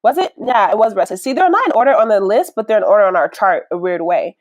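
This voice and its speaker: A young woman hosting a podcast in casual chat, lively and quick to laugh, acting out what other people said. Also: medium pitch, no echo, low-quality recording. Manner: animated, laughs often, acts out what others said. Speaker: podcast host. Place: indoors, with family nearby.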